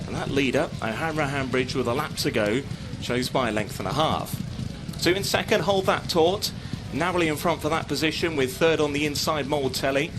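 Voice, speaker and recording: A man giving live horse racing commentary as a steady running call of the field. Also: on the high side, normal speed, background noise.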